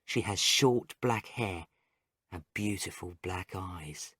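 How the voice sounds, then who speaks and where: A man reads a first-person story for English learners at a slow, even pace. His short sentences are plain and carefully spaced. The sound is dry and close, with no room echo. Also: deep voice, slightly rough. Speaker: story narrator. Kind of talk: graded reader story narration for English learners.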